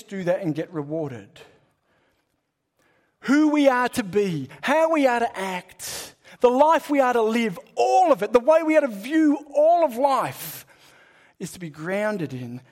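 A man preaching a sermon, swinging between loud emphasis and hushed lines and repeating phrases for rhythm. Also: sits high.

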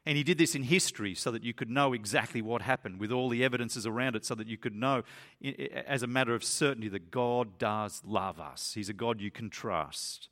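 An earnest man delivering a sermon with a middle-range voice. He leans into key lines and lets his pitch climb when he stresses a point. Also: a little fast, few pauses, fairly bright tone. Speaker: preacher. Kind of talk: sermon with a read-aloud story.

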